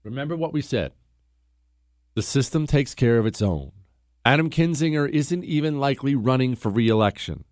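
Man, radio host, mid-pitched, emphatic opinionated monologue, dead-dry studio mic. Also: expressive, moderate pace, a little mellow, no room sound. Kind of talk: call-in talk radio monologue.

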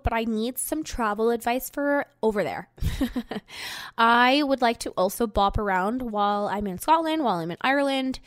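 A young woman hosts a podcast and tells her story in loose, casual chat, with plenty of "like" and frequent swearing. Her voice sits a little high. The recording is dry, with no room sound. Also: smooth, no echo. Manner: chatty, swears freely, fillers of "like". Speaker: podcast host.

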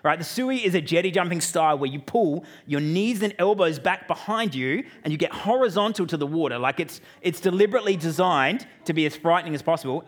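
Higher-voiced Australian man preaching. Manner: lively, joking asides to the audience. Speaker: pastor. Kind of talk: storytelling sermon.

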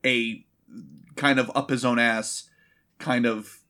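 A man's voice: medium pitch, fairly even intonation, slow pace, sharp tone. A man in casual movie-review chat, sarcastic and profane, mockingly acting out characters. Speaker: podcast co-host.

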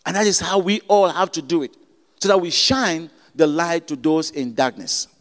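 A man from Cameroon with a Cameroonian accent, preaching a sermon with emphatic, repeated phrases and halting restarts. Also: a little high. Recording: long reverb of a hall.

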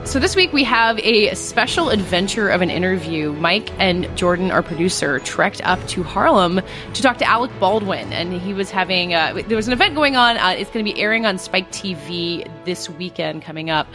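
A woman hosting a podcast, briskly introducing her co-hosts before a casual chat. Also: fairly low pitch, lively intonation, over music. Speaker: podcast host, deputy editor.

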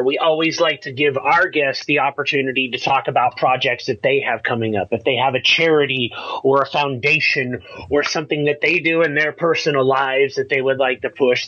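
Man podcast co-host, upbeat, higher voice, muffled lo-fi audio. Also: sharp tone. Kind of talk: podcast interview. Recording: dull lo-fi audio.

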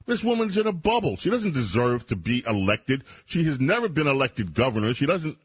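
Male radio host, husky voice, lively swooping pitch, opinionated and emphatic. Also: a little fast, no room sound. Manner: opinionated, emphatic, mocking asides. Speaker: radio talk show host. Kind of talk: talk radio commentary.

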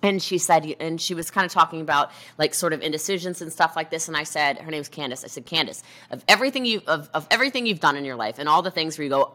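A woman's voice: sits low, expressive, fast, bright, forceful tone. A woman talking with energy on a motivational chat show, emphatic and acting out quoted voices as she goes. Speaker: guest entrepreneur. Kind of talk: motivational conversation.

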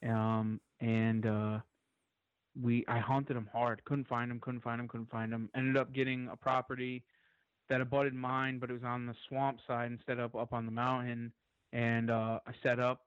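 A man as a podcast guest, telling a long story in an excited, rambling way and swearing freely. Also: mid-range voice, moderate pace, smooth, no echo, lo-fi sound.

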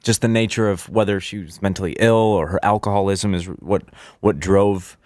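A man on a podcast gently reassuring his friend, often adding "you know" as he talks. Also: low voice, steady tone, moderate pace, dry recording, studio quality. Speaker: podcast co-host. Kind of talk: supportive conversation.

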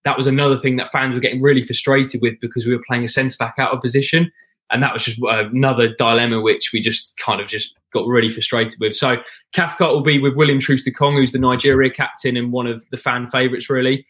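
A man talking as a guest in casual podcast chat, long-winded, with frequent restarts and throat clearing. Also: mid-range voice, fairly even intonation, fast talker, fairly bright tone. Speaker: guest football fan.

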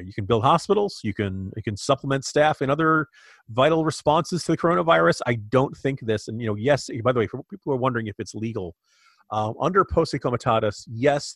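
A man's voice: mid-range voice, dry recording, studio quality. A man co-hosting a podcast, giving opinionated political commentary with frequent restarts. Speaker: podcast co-host.

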